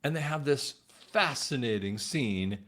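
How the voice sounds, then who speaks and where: A man's voice: medium pitch, lively intonation, unhurried, a bit bright. A male host giving casual political commentary, talking straight to his viewers. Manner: casual, addresses viewers as guys.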